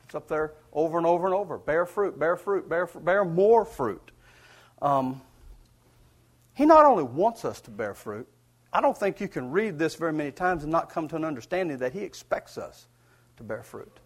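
A man's voice: on the high side, very animated, a little fast. A man preaching, telling a personal story in a folksy, earnest way with chuckles. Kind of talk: storytelling sermon.

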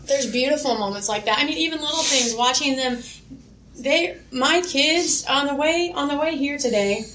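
A woman's voice: sits high, moderate pace, background noise. Woman sharing stories in an echoey room. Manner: heartfelt, storytelling, laughs easily. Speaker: youth ministry speaker. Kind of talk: workshop talk. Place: conference room. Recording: echoey room with faint ambience.

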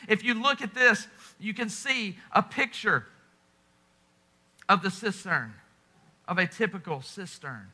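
High, bright-voiced male preacher. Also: slow pace. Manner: impassioned preaching with dramatic drops to a hush. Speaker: pastor. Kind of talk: sermon.

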